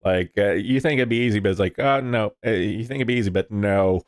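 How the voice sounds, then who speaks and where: A man's voice: fairly low pitch, fast talker, a little mellow, no room sound, studio quality. A man casually commenting on the news, rambling and swearing, with lots of fillers. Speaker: streamer reading the news.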